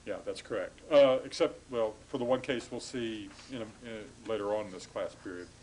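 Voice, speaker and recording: A man's voice: lowish voice, fairly quick, darkish tone, slight background noise, rough recording. A man giving a classroom lecture to students, explaining patiently with frequent hesitations and restarts.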